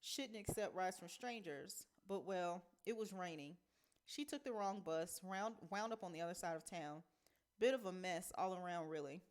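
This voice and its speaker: A woman's voice: on the low side, moderate pace, natural voice. A woman reading a novel aloud, voicing a friendly, overly polite middle-aged man who talks in an amiable, rambling way.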